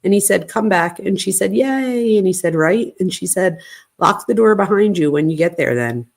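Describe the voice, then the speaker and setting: A woman's voice: mid-range voice, normal speed, vocal fry. A woman hosting a true crime channel, casually reading a string of text messages aloud at home and stopping now and then to settle her dog. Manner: reads texts flatly, breaks off to calm her barking dog. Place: home, at night.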